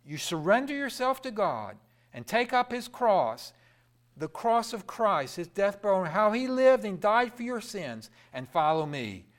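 A man preaching a sermon with fervour, asking the crowd questions and answering them himself, swinging from loud emphatic peaks to low quiet drops. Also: sing-song, a little slow. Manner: fervent, rising to loud emphatic peaks then dropping low.

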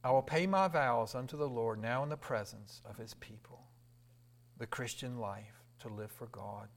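A middle-aged man, preaching a sermon, swinging from raised, fervent lines to hushed whispers. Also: mid-range voice, normal speed, creaky.

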